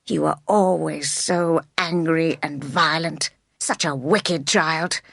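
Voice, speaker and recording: A woman voicing a dying, resentful older aunt who speaks weakly and slowly. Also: low-pitched, steady tone, creaky, a bit bright, dry recording, studio quality, heavily acted. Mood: bitter, weak. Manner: weak, slow murmuring.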